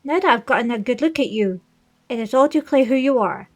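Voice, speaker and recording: A woman's voice: high voice, expressive, fairly quick. A woman voicing a stately old fish-folk king. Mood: regal, welcoming. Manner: formal, stately reading of game dialogue. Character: older male fish-folk king, regal and fatherly. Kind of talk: reading video game dialogue aloud.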